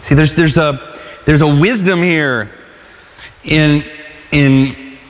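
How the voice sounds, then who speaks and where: A man's voice: fairly high pitch, slow, big-room sound. A pastor preaching a sermon to a congregation in a loose, conversational way, often restarting his sentences.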